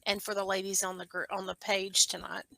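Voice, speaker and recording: A woman's voice: medium pitch, monotone, brisk, vocal fry, sharp tone, no room sound, poor audio. A woman co-hosting a casual live stream, teasing and amused.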